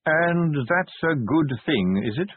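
A man reading the lines of an imperious male city ruler in a dry, flat, slow manner. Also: a little high, slightly rough, no room sound, voice pushed up, full character voice. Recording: tinny phone-like band.

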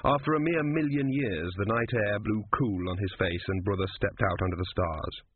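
A man narrating a story in a measured, even storytelling voice, recorded with a dry, phone-like sound. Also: fairly low pitch, breathy edge, no echo. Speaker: audiobook narrator. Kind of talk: scripted narration.

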